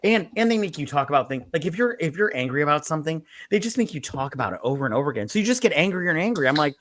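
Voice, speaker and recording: Bright-voiced man recapping a movie. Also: on the high side, very animated, very fast, few pauses. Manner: rambling, retells scenes with quoted voices and swearing. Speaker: movie review co-host. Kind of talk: casual drunk movie review chat.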